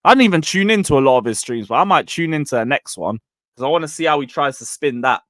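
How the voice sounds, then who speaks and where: Male streamer, excitable and mocking, lively up-and-down voice, dry close sound. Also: on the high side, quick pace, no echo. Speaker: streamer hosting a live football chat. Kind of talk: live-stream football chat reading super chats.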